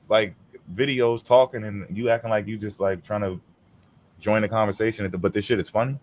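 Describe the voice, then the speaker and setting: A man's voice: on the low side, a little mellow, slight background noise. A man hosting a casual streamed chat, talking in a blunt, profane and heated way.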